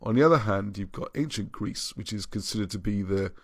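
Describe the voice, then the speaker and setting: A man's voice: fairly low pitch, brisk, dry recording. A man hosting a livestream and reading out viewer comments, rambling and often restarting his sentences. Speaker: livestream host.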